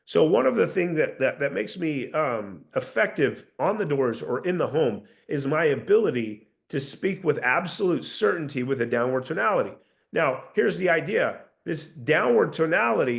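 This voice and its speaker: Gravelly-voiced man coaching a sales team. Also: fairly high pitch. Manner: earnest, coaching, with frequent restarts. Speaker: sales trainer. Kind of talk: casual sales coaching talk to a group.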